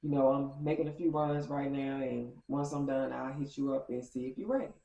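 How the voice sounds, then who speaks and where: A woman voicing a laid-back young man who talks in an easygoing, soft-spoken way. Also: a bass voice, fairly even intonation, fairly quick, creaky, reverberant, dull audio, a little hiss or hum.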